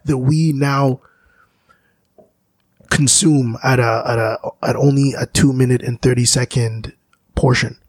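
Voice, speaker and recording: A man, a musician, talking in a slow, searching, philosophical way, often restarting his sentences. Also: mid-range voice, fairly even intonation, a little mellow, dry recording. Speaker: musician guest. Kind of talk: reflective conversation.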